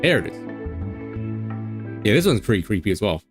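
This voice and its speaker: A man's voice: lowish voice, brisk, over music. A man streamer chatting casually as he reacts to horror videos. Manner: chatty, lively commentary.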